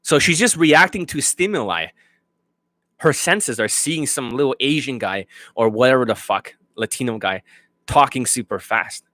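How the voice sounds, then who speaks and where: A blunt dating coach delivers a profane, off-the-cuff rant to his students. His voice sits at a middling male pitch. The sound is dry, with no room echo. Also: expressive, normal speed, sharp tone. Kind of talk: unscripted monologue to students.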